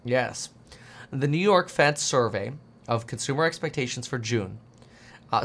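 A man giving casual, animated market commentary, reading news aloud with jokey asides and mocking quoted voices. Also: medium pitch. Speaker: finance commentator.

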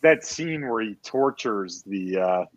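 Low-voiced man on a dull lo-fi mic. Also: lively intonation, takes it slowly, crowd noise. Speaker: podcast co-host. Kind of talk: casual movie review chat.

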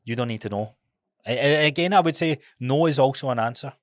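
A Scottish man on a casual podcast, speaking bluntly and emphatically and swearing freely. His voice sits at an ordinary middle pitch. The recording is close and dry. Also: fast talker, dry recording. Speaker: podcast co-host.

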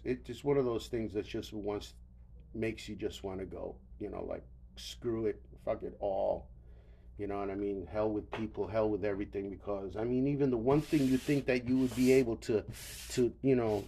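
A man's voice: fairly low pitch, mellow, slight background noise. An older man hosting a solo podcast, rambling wearily with profanity and stammered restarts, tired and yawning. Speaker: podcast host.

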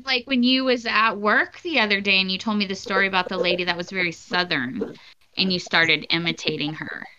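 Bright, crisp woman, casual podcast banter, slightly dull recording. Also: medium pitch, fairly even intonation, a little fast. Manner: laughing, joking. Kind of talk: casual chat.

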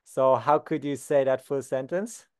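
A young man from Switzerland leads a beginner German lesson at an easy, middling pitch. He explains patiently and slows down to model each new word and phrase. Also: smooth. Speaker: German teacher.

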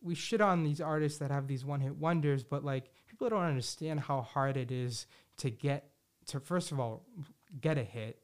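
A man with a slightly high voice, speaking at normal speed, hosts a casual solo podcast. He rambles, restarts frequently, uses plenty of fillers, curses freely, and is excited about music predictions.

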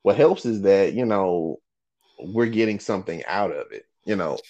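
A man's voice: deep voice, expressive, normal speed, mellow, muffled recording. A man hosting a podcast in casual chat, blunt and profane, laughing often. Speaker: podcast host.

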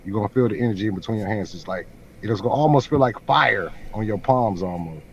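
A man's voice: lowish voice, quick pace, highs cut off, a little hiss or hum. A man hosting a YouTube channel, chatting casually with a friend and often repeating words and restarting sentences. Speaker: YouTube host. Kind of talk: casual chat.

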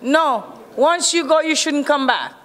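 A woman's voice: high-pitched, expressive, a little slow. A woman with a Jamaican accent, speaking brashly and boastfully as an interviewee. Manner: brash, boastful, loud and teasing. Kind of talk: casual interview talk. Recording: long echoing reverb.

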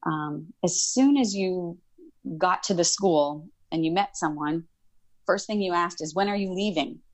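Animated storytelling woman, slightly low voice. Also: a little slow, no echo. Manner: animated, acts out past dialogue in quoted voices. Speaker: college instructor. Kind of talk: casual storytelling interview.

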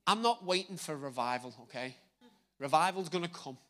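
Man, preacher, high voice, bright tone, lively and joking, hammering repeated words. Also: normal speed. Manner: animated, jokey, repeats words for emphasis. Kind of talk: sermon.

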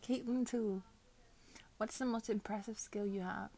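A woman hosting a podcast, chatting casually and answering questions. She swears a lot and giggles, swinging between loud outbursts and muttered whispers. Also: mid-range voice, steady tone, unhurried, slight background noise. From United States. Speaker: podcast host.

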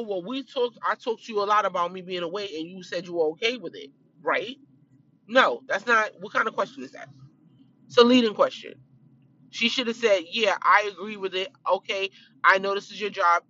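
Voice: mid-range voice, a bit bright, dry recording, dull audio. A speaker giving blunt, opinionated casual commentary on a reality show, stressing points by repeating them.

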